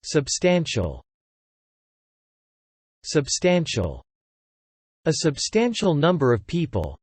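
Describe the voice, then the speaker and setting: A vocabulary narrator reads a word list for learners at a very slow, careful pace. Each word comes twice and then a short example phrase, with the pitch rising and falling widely. The voice is a little breathy and recorded close and dry. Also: huge pitch swings, no room sound.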